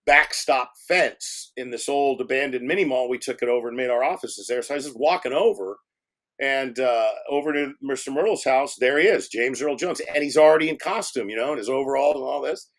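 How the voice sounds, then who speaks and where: A man around sixty, a film director telling anecdotes in a casual interview, laughing often and swearing freely. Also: mid-range voice.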